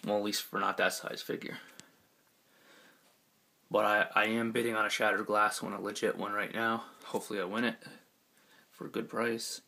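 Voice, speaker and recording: A man with a scratchy, hoarse voice gives a laid-back, rambling tour of his collection at home, with many ums and casual swearing. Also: lowish voice, flat delivery, moderate pace, pauses often, sharp tone. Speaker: collector giving a room tour.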